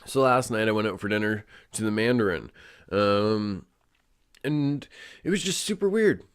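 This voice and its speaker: A man's voice: lowish voice, lively intonation, normal speed, clean tone. A young man hosting a casual solo show, rambling with lots of fillers and swearing. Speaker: podcast host.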